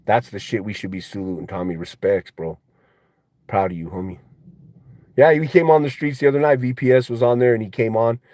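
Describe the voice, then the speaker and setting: A man's voice: on the low side, brisk, a little mellow, dry recording, studio quality. A man ranting casually on a livestream, slangy and profane, repeating himself and calling everyone bro and homie. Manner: heated, repeats himself for emphasis. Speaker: livestreamer and fighter.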